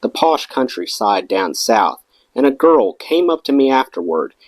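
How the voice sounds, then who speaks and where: Guy reading a memoir out loud, bouncy expressive delivery, dry close sound. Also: mid-range voice, measured pace, no room sound, low-quality recording. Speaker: audiobook reader.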